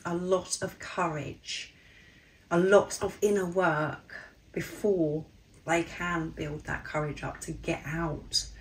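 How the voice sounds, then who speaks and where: A woman with a low, slightly husky and croaky voice gives an earnest channeled reading, pausing and circling back over her phrases. Her tone stays soft and sincere. A faint background hiss sits under the recording. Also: low-quality recording. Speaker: spiritual card reader.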